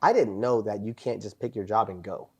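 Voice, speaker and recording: A man's voice: fairly low pitch, brisk, a little mellow, slightly rough. Profane, rambling male storyteller. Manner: profane, rambling storyteller, lots of "bro" and "dude". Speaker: podcast host, former Marine. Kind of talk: casual chat.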